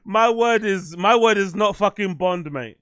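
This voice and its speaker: Casual host, raised voice, cursing, dry close sound. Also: male voice, high-pitched, measured pace, a bit bright, dry recording. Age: adult, "you get older". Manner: swearing, rambling, self-deprecating. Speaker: podcast host. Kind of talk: casual livestream chat.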